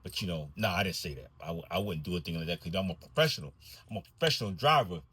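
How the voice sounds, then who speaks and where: A man who drives a school bus, telling a comic story in a drawling, wry deadpan way. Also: low voice, fast talker, husky, dry recording.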